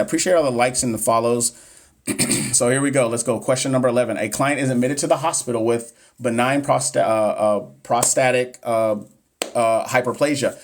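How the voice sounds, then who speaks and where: This thirty-something man, speaking at a medium pitch, runs a relaxed live stream working through nursing exam questions. He cracks jokes with his audience, speaks straight to them, and fumbles the longer medical words.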